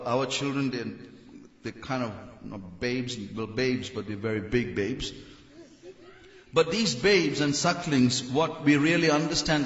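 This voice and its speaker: Male preacher, slow lively delivery, echoing hall, dull lo-fi sound. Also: mid-range voice. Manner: animated, mimics people, leads the crowd in shouts. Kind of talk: sermon.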